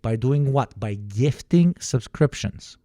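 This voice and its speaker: A man's voice: medium pitch, expressive, slow, mellow, no echo, clean studio sound. A man streaming a casual reaction, joking and sarcastic, often laughing and restarting his sentences. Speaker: streamer reacting to online posts. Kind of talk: casual livestream reaction commentary.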